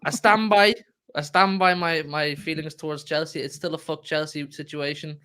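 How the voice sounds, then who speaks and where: A man's voice: fairly high pitch, fairly even intonation, normal speed, pushed and bright, clean tone. A man, a football panelist who rambles and stumbles in a self-deprecating way. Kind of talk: casual chat.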